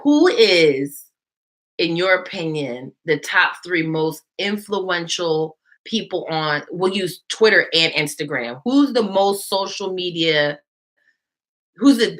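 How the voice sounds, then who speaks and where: A woman hosting a podcast in casual chat, animated and quick to laugh. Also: sits low. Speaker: podcast host.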